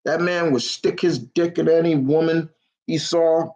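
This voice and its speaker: A man's voice: fairly high pitch, steady tone, a little slow, a little mellow, rough recording. A young man hosting a casual live question-and-answer stream, rambling and blunt, swearing freely. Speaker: host answering viewer questions.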